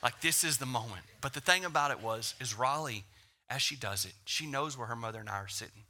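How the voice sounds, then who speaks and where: A man in his thirties, a pastor preaching in a casual, conversational way, telling stories with acted quotes and dropping into hushed whispers. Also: medium pitch, brisk. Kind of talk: sermon with personal stories.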